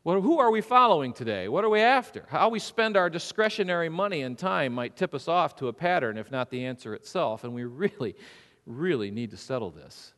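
Animated male pastor preaching in an echoey hall. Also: fairly high pitch, a little fast. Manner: animated preaching with acted-out quotes and rhetorical questions. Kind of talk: sermon. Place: church sanctuary.

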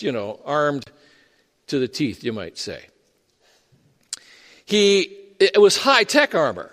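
A male pastor delivers his sermon in a high, lively voice that swings freely up and down as he tells the story. He talks in a chatty way, full of asides and restarts, and his voice carries the long reverb of a large church hall. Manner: conversational and storytelling, with frequent fillers and restarts.

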